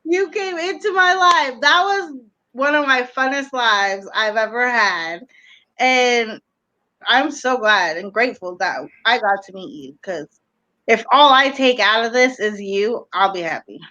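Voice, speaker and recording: A woman, a guest on a live talk show, warmly thanking the host and viewers. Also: fairly high pitch, unhurried, muffled recording. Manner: sincere, grateful, gushing thanks. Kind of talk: emotional live-stream chat.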